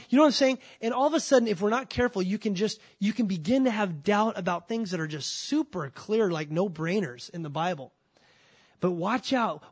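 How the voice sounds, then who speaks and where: A pastor with a high, husky voice preaches a sermon emphatically, repeating words as he begins a thought and slowing down when he reads scripture.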